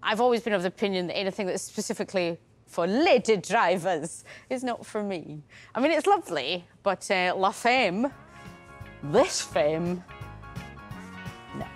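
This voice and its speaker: Lively jokey Glaswegian woman. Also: medium pitch, normal speed, soft background music. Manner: chatty and jokey. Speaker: TV presenter. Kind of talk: casual on-location presenting. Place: car museum, indoors.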